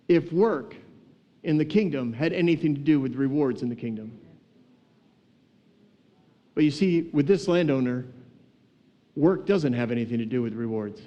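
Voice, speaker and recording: A man teaching on a casual podcast, retelling a story in a lively, humorous, conversational way. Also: mid-range voice, highs cut off.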